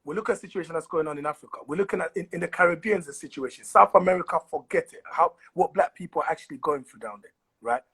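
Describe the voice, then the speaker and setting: A man hosting a casual conversation, eager and quick to affirm his guest. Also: a little high, creaky, fairly bright tone, breathy edge. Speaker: host.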